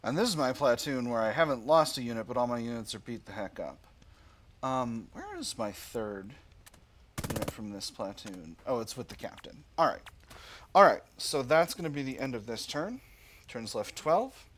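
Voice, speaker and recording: A man talks through his turns in a war strategy game, weighing moves out loud and pausing with ums. His pitch rises and falls with lively movement. He also reads the on-screen story text aloud, sometimes slipping into a light put-on voice for the characters. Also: a little hiss or hum. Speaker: gaming channel host. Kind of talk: casual strategy game commentary.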